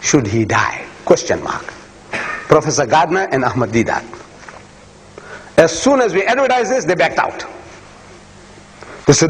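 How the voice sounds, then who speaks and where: A man's voice: a little high, lively intonation, measured pace, pauses often, a little hiss or hum. A man giving an impassioned public lecture, emphatic and repeating phrases for force. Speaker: speaker. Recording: echoey hall, faint ambience.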